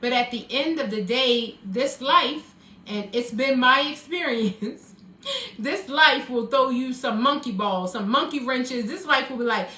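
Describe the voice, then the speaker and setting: A woman hosting a live motivational talk as a life coach, energetic and preachy, often calling out to her audience. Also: high-pitched, unhurried. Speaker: life coach and show host. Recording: echoey room, a bit distant, faint music.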